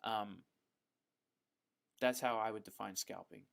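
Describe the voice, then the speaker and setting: A man hosting a live stream, reading out viewer questions and answering them in a relaxed, chatty way, with frequent ums and the odd "bro". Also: on the low side, measured pace, gravelly. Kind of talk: casual live Q&A chat.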